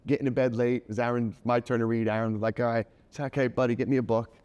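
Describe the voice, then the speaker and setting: Middle-aged guy telling a story, does the voices, regular pitch. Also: very fast, clear, resonant tone, lo-fi sound. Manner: animated, acts out quoted voices. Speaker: guest, children's book author. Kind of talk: casual storytelling interview.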